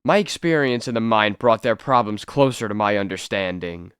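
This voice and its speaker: A man's voice: lowish voice, normal speed, a bit bright, clean tone, no echo, studio quality, lightly acted. A man reading a comic book aloud, voicing a selfish older male mine owner who is haughty and curt. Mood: earnest.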